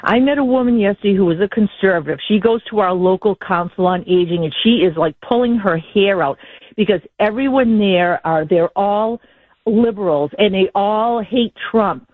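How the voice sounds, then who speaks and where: A woman's voice: mid-range voice, normal speed, no room sound. A woman calling in to a talk radio show, speaking in an indignant, rambling, frustrated way. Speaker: caller. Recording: tinny phone line.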